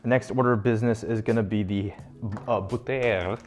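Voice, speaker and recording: A man's voice: fairly low pitch, steady tone, fast talker, darkish tone, faint music behind. A young man hosting a casual cooking vlog from his home kitchen, rambling and cracking self-mocking jokes as he works. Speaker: home cook vlogger.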